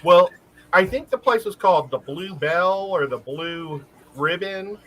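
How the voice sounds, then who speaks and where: High, bright, lively man telling stories. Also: measured pace, poor audio. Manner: animated storyteller who laughs often. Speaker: livestream co-host. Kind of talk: casual live-stream chat.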